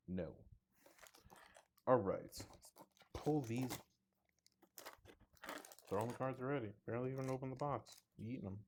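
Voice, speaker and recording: A man's voice: medium pitch, a little mellow, slight background noise. A man chatting casually as he opens trading card packs, reading card names aloud and joking at his own expense. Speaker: card box opening host. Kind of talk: casual unboxing commentary. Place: indoors under two large lights.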